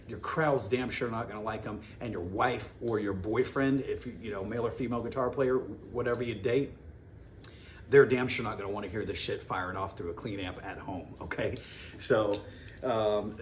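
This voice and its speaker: Low-voiced dude rambling about guitar pedals at home, slangy, faint dishwasher going behind. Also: male voice. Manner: rambling, slangy, self-interrupting. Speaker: guitar gear vlogger. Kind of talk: casual pedal demo talk. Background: faint dishwasher noise.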